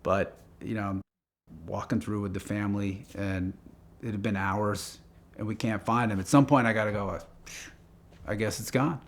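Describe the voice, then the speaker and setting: Gravelly-voiced man telling a story. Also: lowish voice. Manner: animated, acts out phone calls in quick quoted lines. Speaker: magazine car writer telling a story. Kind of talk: casual storytelling.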